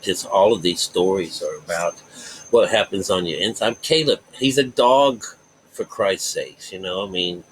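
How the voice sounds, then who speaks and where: A man's voice: sits low, moderate pace, a little hiss or hum, rough recording. A man teaching about the Bible in a rambling way, circling back to repeat his points and leaning hard on key words. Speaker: self-taught Bible teacher.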